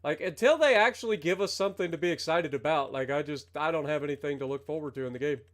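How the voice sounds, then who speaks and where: A man's voice: on the high side, quick pace. A man streaming a farming game, chatting casually with viewers while he plays. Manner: chatty, rambling, talks to chat while playing. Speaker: livestreamer. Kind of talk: casual gameplay commentary.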